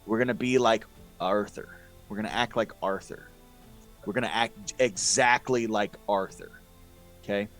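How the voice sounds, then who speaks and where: A man's voice: fairly low pitch, normal speed, a bit bright, faint music behind. A man playing a tabletop game, goofy and scheming, who tends to repeat himself. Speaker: player. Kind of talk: tabletop role-play chat.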